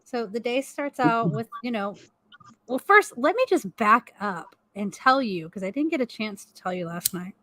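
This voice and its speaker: A woman's voice: a little high, normal speed, dry recording, clean studio sound. A middle-aged woman co-hosting a live stream chat from home, telling a rambling story full of swearing and laughs. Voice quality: animated, swears a lot, laughs often. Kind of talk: casual profane storytelling.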